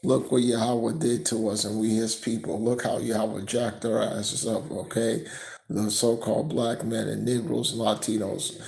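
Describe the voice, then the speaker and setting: A man teaching from scripture, tagging nearly every sentence with "okay?" and reading the verses slower and louder. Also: on the low side, little pitch movement, gravelly, low-quality recording. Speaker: preacher.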